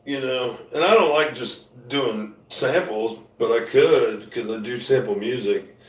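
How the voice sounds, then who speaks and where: A man chatting casually to viewers as a musician, a loud talker who rambles and restarts his sentences. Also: medium pitch, measured pace. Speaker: musician streaming live. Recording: roomy sound, mic at a distance.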